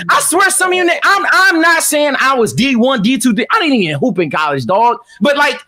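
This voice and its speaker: High, bright-voiced man ranting emphatically. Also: big pitch swings, fairly quick, hardly any pauses, a little hiss or hum. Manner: exasperated, profane, emphatic with repeated words. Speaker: podcast co-host. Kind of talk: casual podcast rant.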